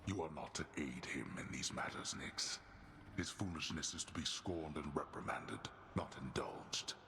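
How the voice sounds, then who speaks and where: Stern, scornful underworld god. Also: male voice, very deep voice, moderate pace, sharp tone, roomy sound, faint music behind, heavily acted. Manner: commanding, scornful. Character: stern cold male god of the dead. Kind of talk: video game voice acting.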